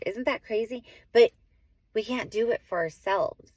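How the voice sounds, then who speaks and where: A woman's voice: fairly high pitch, unhurried, darkish tone, dry recording. A woman in her forties, a mother vlogging, talks to the camera in a heartfelt, rambling way, full of "like" and self-corrections and getting emotional. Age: 40s. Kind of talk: heartfelt casual talk to camera.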